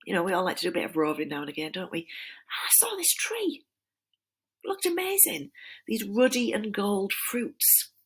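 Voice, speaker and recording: A woman voicing a sly, flattering male serpent tempter, wheedling and dropping into breathy whispers. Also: mid-range voice, fast. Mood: awestruck. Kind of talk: dramatized reading of a poem.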